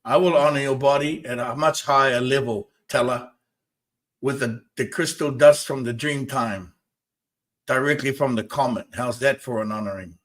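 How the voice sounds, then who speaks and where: A man hosting a spiritual talk show in a middle-pitched voice. He talks emphatically and repeats himself, and he pushes back hard at his viewers. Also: steady tone, moderate pace, fairly bright tone. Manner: emphatic, repetitive, argues with viewers. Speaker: host.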